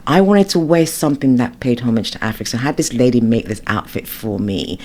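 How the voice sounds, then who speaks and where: A middle-aged woman from the United Kingdom, a guest in a casual interview, telling her stories in an animated, emotional way and acting out her own thoughts. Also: extremely low pitch, brisk. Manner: animated, emotional storytelling with lots of quoted inner thoughts.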